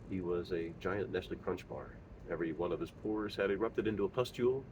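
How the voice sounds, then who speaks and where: A middle-aged man telling a personal story as a father, halting and earnest, with many pauses and fillers. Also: on the low side, darkish tone, a little hiss or hum. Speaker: father sharing his story. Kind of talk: personal monologue.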